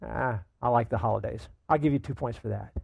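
The angel Gabriel, as a preacher puts him on. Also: male voice, mid-range voice, a little fast, creaky, darkish tone, slightly rough, dry recording, voice pushed down. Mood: matter-of-fact. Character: angel Gabriel, male, calm gatekeeper tallying points.

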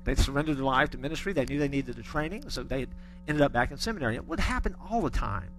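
A man's voice: medium pitch, animated, quick pace, fairly bright tone, faint music behind. A middle-aged man preaching a sermon, telling stories with folksy humor. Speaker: pastor.

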